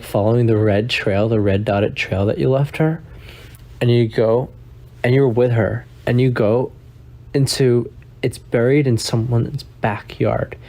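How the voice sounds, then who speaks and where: A man delivers an absurd comedy monologue in a flat, deadpan way. He stumbles and stalls, repeating words over and over before pushing on. His voice sits at an ordinary, middle pitch. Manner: halting, many repeated words and restarts.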